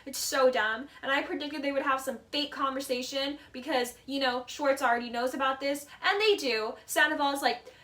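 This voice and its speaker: A woman with a high, bright voice gives chatty, opinionated commentary, peppering every sentence with "like" and "literally." She drops into mock voices to act out what others said. Her voice sits a little away from the mic. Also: fairly even intonation, fairly quick, far from the mic. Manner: acts out quoted lines in mock voices. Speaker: reality TV commentator. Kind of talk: casual video essay commentary.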